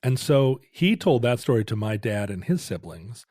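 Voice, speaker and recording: A man's voice: medium pitch, sing-song, moderate pace, darkish tone, no echo. Middle-aged man, podcast co-host, rambling, restarts a lot, dry close sound. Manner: rambling storyteller, self-interrupting. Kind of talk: casual chat.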